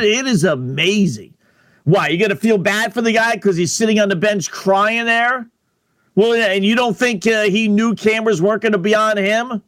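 A man's voice: high voice, a bit bright, dry recording, clean studio sound. A man hosting a sports radio show, talking bluntly and emphatically, with lots of fillers and repeated words. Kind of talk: opinionated radio talk.

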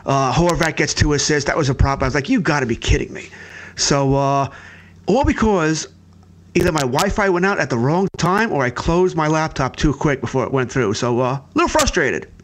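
A man's voice: a little high, normal speed. A man working as a sports betting analyst, telling a story casually with plenty of fillers. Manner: animated storytelling, frequent "uh" fillers.

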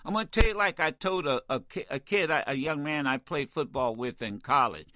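A man's voice: a little high, brisk, pushed and bright, dry recording, clean studio sound. A man hosting a call-in talk radio show, talking in a combative, emphatic way and often repeating himself.

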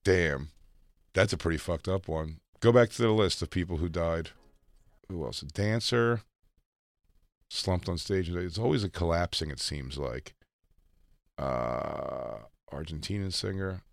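A man's voice: sits low, a little slow, gravelly, no room sound, studio quality. A man co-hosting a casual comedy podcast, joking and reading news items aloud. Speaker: podcast co-host.

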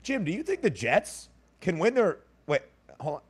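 A man's voice: high-pitched, very animated, moderate pace, breathy edge. A man hosting a sports betting radio show, upbeat and jokey as he introduces guests and picks.

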